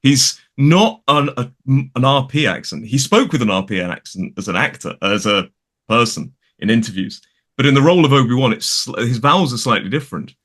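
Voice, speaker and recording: A man's voice: mid-range voice, expressive, a little fast, a bit bright. A middle-aged British man, an English teacher, talking in a chatty, rambling way full of restarts. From United Kingdom. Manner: chatty, digressive, with many restarts and fillers. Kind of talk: casual conversation.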